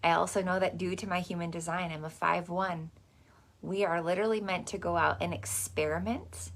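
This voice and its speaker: A woman's voice: on the low side, gravelly, fairly bright tone. A woman hosting a motivational masterclass in a casual, chatty, salty way, dropping lots of "like" and "okay". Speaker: host.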